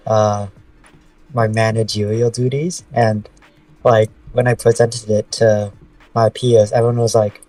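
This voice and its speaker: A man's voice: on the low side, flat delivery, unhurried, mellow, no echo, far from the mic, rough recording. A man chatting on a live stream as a moderator. He rambles and tells his stories full of fillers. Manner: rambling, filler-heavy storytelling. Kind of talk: casual live-stream chat.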